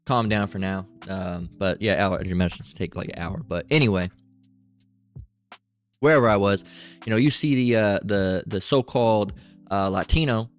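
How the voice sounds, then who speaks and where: A man's voice: lowish voice, moderate pace, faint music behind. A man giving casual religious commentary with an itchy throat, rambling and swearing, full of fillers and asides.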